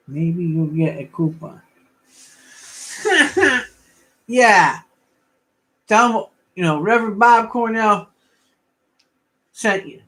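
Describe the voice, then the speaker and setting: A man's voice: high-pitched, big pitch swings, extremely slow, long pauses, fairly bright tone. An older man rambling casually as he hosts a livestream auction and chats with viewers. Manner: rambling, folksy, chatting with viewers.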